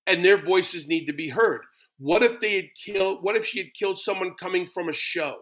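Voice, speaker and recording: A man's voice: high-pitched, moderate pace, fairly bright tone. A middle-aged man speaking as an interview guest, blunt and emphatic. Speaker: guest, former wrestler. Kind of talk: casual interview talk.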